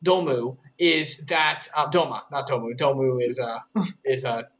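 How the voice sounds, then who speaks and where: A woman's voice: very deep voice, unhurried, fairly bright tone. A woman co-hosting a game stream in casual chat, laughing easily and explaining the story at length. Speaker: co-host and player of a game stream.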